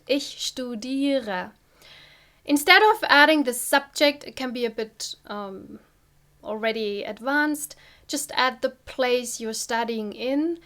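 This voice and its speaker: A woman from Germany, giving an online language lesson and explaining step by step with careful, deliberate pronunciation. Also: on the high side, bright, forceful tone. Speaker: German teacher.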